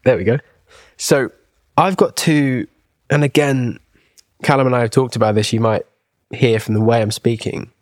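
A man's voice: mid-range voice, moderate pace, pauses often, no echo, studio quality. A man, co-hosting a podcast in casual chat, rambling enthusiastically with many asides and restarts. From England. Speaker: podcast co-host.

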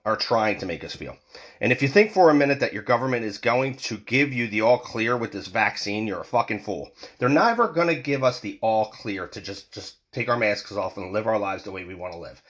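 A man's voice: mid-range voice, a bit bright. A man in his forties from the United States, ranting angrily and profanely as a vlogger, with heated repeated restarts. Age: 40s. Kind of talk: angry political rant.

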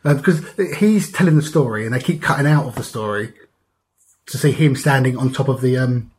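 A man from the UK co-hosting a casual pop-culture podcast on a couch, talking in halting bursts full of ums and easy laughs. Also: medium pitch, a little mellow. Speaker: podcast co-host. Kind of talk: casual chat. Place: living room couch.

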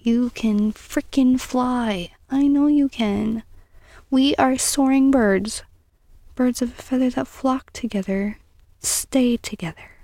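Young woman host, fairly high, mellow tone, encouraging, with soft near-whispered asides. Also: slow pace, dry recording. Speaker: podcast host. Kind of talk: casual self-help podcast monologue.

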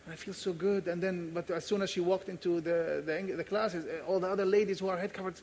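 A man's voice: sits high, steady tone, quick pace, hardly any pauses, a little mellow. A man pastor preaching a sermon, earnest and emphatic, repeating key phrases and telling personal stories.

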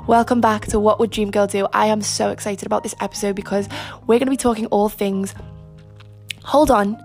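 A young woman talks through her podcast in loose, emphatic chat, laughing at herself as she goes. Her voice carries a gravelly fry and sounds a little husky today, with a faint bed of music underneath. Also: medium pitch, little pitch movement, fast talker, a little mellow. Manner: chatty, self-mocking, emphatic. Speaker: podcast host. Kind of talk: casual solo podcast chat. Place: lying on her front while recording.

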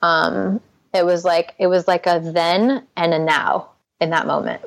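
A woman's voice: lowish voice, flat delivery, unhurried, vocal fry, no room sound. A young adult woman, a Christian life coach, earnestly telling her personal recovery story as a podcast guest, full of "like" fillers.

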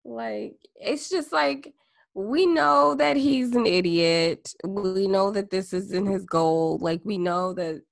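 A woman's voice: medium pitch, slow, vocal fry, no room sound, studio quality. A woman co-hosting a podcast in casual chat, with a blunt, profane style and frequent laughter. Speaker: podcast co-host.

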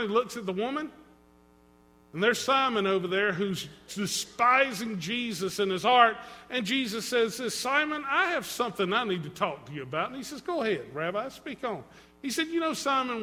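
A man preaching a sermon as pastor, dramatic, swinging between loud and hushed and acting out quotes. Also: high voice. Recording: long reverb in a hall.

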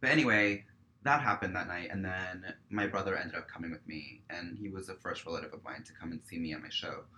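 A man with a lowish, bright and forceful voice tells a story as a podcast guest. He swears freely and fills his sentences with "like", acting out the people in his story as he goes. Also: brisk, slight background noise. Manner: profane, peppered with "like"; animated storyteller acting out dialogue. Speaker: guest, stage performer. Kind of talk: casual podcast chat, storytelling.

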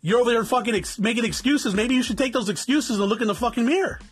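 A man's voice: very high voice, quick pace, slightly rough, soft background music. A man in his forties from South Tucson, Arizona, bluntly lecturing viewers in a profanity-laced motivational rant and calling them guys. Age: 40s. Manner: blunt, swearing constantly, lecturing. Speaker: vlogger.

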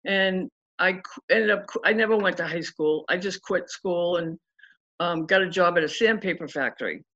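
A woman's voice: on the low side, moderate pace, fairly bright tone. A woman in her sixties candidly telling her life story in an interview, acting out remembered dialogue. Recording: muffled lo-fi recording.

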